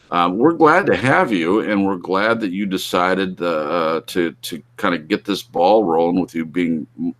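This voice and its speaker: A man's voice: low-pitched, fairly bright tone. A man hosting a live online broadcast, talking loosely with many fillers and restarts. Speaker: host. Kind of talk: casual live-stream talk.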